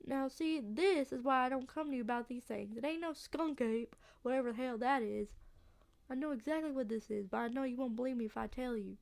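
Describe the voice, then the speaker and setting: A grumbling old backwoods man with a put-on Southern drawl, voiced by a woman reading a game aloud. He scolds in a high, gravelly voice that never sounds quite like a real old man. The drawl stays rough and stubborn. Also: a little fast. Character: gruff old male backwoods landowner.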